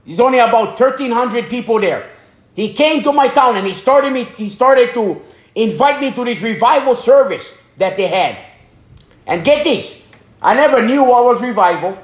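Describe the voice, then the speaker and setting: A man's voice: very high-pitched, lively intonation, moderate pace, echoey room. A man from Hawaii giving a passionate religious testimony as a preacher. He repeats phrases and stumbles over his words. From Hana, Maui, Hawaii.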